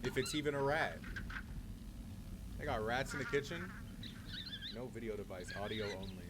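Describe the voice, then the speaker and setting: A man reacting to a video in casual commentary, swearing often and yelling back at the screen. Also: medium pitch, expressive, normal speed, very noisy.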